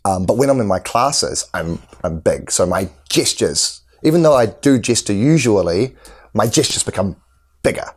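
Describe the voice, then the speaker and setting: A man's voice: lowish voice, lively intonation, moderate pace, slightly rough. A man, an actor and acting tutor, earnestly explaining his teaching methods in an interview, often restarting his sentences. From New Zealand. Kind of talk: interview answers.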